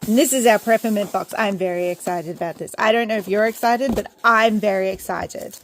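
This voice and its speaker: A young woman with an Australian accent, chatting excitedly while unboxing her small business order at home. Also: mid-range voice, fairly quick. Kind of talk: casual unboxing vlog. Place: home indoors, rain and roosters outside.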